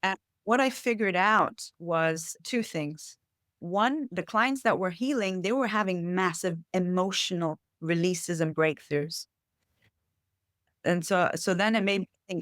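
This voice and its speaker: A woman's voice: medium pitch, a little slow, dry recording, clean studio sound. A woman who works as a life coach tells her personal story in a podcast interview, earnest and reflective, with many fillers. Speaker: intuitive life coach, guest.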